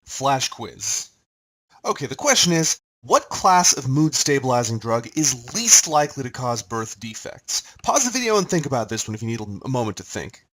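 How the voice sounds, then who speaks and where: A man teaching a recorded pharmacology lesson in a casual, chatty manner. His pitch rises and falls in an animated way as he explains the material and puts quick questions to the listener. His voice sits in a middle register. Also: poor audio. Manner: lively, conversational, quizzes the listener. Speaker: lecturer.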